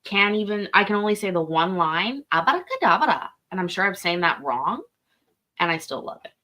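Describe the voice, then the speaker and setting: A woman's voice: on the low side, normal speed, bright, forceful tone. A woman hosting a live stream, rambling and chatty as she reacts to a clip, swearing freely. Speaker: live-stream host reacting to a court show. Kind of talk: casual live commentary.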